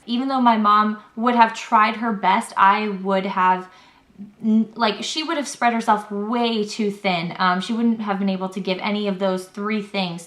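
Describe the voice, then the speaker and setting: A woman's voice: medium pitch, fairly bright tone. A young woman telling a personal story to camera in a chatty vlog style, acting out the lines of the people in it, with many fillers. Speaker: vlogger. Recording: echoey room.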